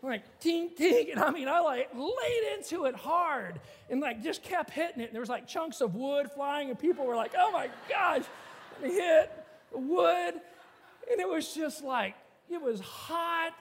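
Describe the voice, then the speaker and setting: High-voiced pastor in a reverberant hall. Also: male voice, normal speed. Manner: animated, conversational, many filler "like"s. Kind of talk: storytelling sermon.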